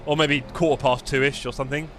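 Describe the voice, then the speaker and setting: Here the English man speaks at medium pitch in a steady, fairly bright tone, briskly, with slight background noise. He keeps chatting and joking with his live-stream chat as he drives a racing sim, recorded on a desktop USB mic.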